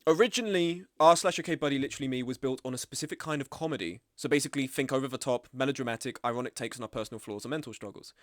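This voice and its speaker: A man, streaming and chatting casually, animated and blunt, with frequent swearing and mimicking of others. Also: rapid-fire, few pauses, no echo, clean studio sound. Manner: animated, swearing, acts out quoted people in higher voices. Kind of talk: casual live-stream commentary.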